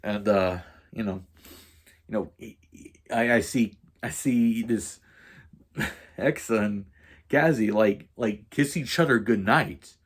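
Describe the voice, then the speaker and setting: A man vlogging as he tells a story in a rambling, profane rant, full of fillers and restarts. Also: fairly low pitch.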